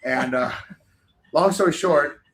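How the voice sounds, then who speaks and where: A man telling casual, animated stories as a talk show guest, rambling with lots of fillers and restarts. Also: a little high, takes it slowly.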